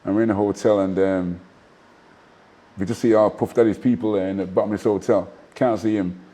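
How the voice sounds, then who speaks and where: Mellow-voiced man telling stories. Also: on the low side, brisk. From Manchester, England. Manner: animated anecdotes full of asides and restarts. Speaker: guest, former professional boxer. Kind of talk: casual storytelling interview.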